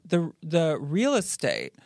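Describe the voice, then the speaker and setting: Woman, podcast host, casual chat, playful, animated, dry close sound. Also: low-pitched, slow, vocal fry, dry recording. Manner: animated, playful, acts out quotes.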